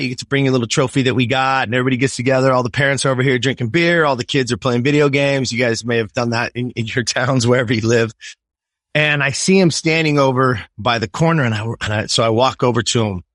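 A man in his fifties tells a personal story as an interview guest. He speaks in an emphatic, swearing way at a mid-range pitch, and the recording is dry and close. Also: a bit bright, no echo. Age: 50s. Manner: emphatic and profane, keeps asking "right?". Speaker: podcast guest.

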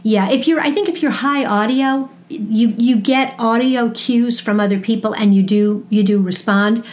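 A woman's voice: on the high side, normal speed, a little mellow. A woman from New York with a Brooklyn accent, a marketing guest telling stories in upbeat, chatty interview talk. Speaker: podcast guest, marketing educator. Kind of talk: casual interview chat.

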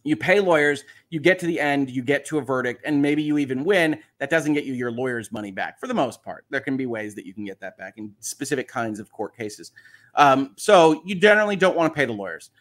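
A man's voice: medium pitch, animated, brisk, a bit bright. A man hosting a casual livestream, chatting in a rambling way, thinking aloud and reading viewer comments. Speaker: livestream host.

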